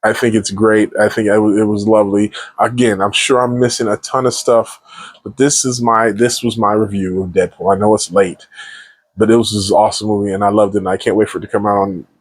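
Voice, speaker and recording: A man's voice: fairly low pitch, fairly even intonation, fairly quick, slightly rough, dry recording. A man giving a casual solo movie review, enthusiastic and rambling, often restarting his sentences.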